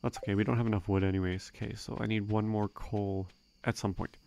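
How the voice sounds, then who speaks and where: A young man giving relaxed, rambling gameplay commentary, thinking aloud with frequent fillers. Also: fairly low pitch, quick pace, creaky. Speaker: let's play gamer.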